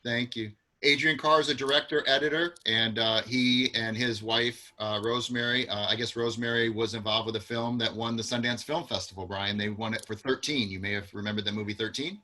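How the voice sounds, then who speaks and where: A man's voice: mid-range voice, fairly even intonation, brisk, hardly any pauses, pushed and bright. A man hosting a live acting class over a video call, encouraging and introducing guests at length. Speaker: acting school host.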